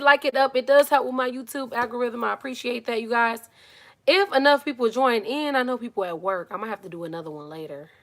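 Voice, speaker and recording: A woman with a fairly high voice streams a laid-back live Q&A on her phone from a little home closet. Lively and talkative, she greets viewers by name and occasionally lapses into soft, muttered remarks.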